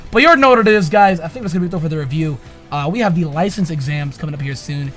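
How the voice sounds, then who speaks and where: A young man giving a casual, slangy anime episode review, swinging between loud excited outbursts and low mumbles. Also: quick pace, faint music behind.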